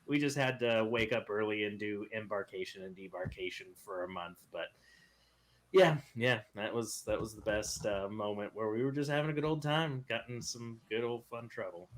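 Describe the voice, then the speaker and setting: A man's voice: fairly low pitch, normal speed. A man casually telling a workplace story on a podcast, laughing as he goes. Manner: animated, laughing through his own story. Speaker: podcast panelist.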